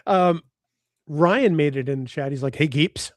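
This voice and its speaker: Guy hosting a live fan stream, kinda high voice, dry close sound, jokey and chatty. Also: measured pace, dry recording. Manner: chatty, reads out chat names, joking. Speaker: podcast co-host. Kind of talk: casual live-stream chat.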